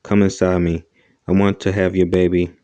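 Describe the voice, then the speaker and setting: A man's voice: low-pitched, flat delivery, normal speed, warm tone, no echo, lightly acted. Man reading as Lizzie, a commanding seductress.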